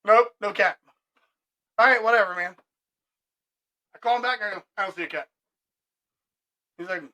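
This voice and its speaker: A middle-aged man telling a work story in casual podcast chat, animated and laughing, acting out both sides of conversations. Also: high voice, moderate pace, long pauses, poor audio. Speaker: restoration business owner telling stories.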